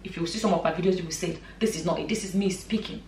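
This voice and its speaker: A woman's voice: lowish voice, racing, darkish tone. A woman vlogger and mother giving her opinion in a passionate, emphatic way, repeating points for stress. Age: adult, a mother. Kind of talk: opinion vlog commentary. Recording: echoey room, mic at a distance.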